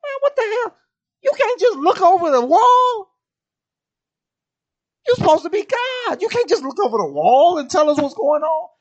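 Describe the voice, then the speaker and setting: A man voicing the biblical leader Joshua as a disbelieving, exasperated man with high-pitched outbursts in a comedic retelling. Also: very animated, moderate pace, pauses often, lo-fi sound. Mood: incredulous. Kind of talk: comedic retelling in a podcast monologue.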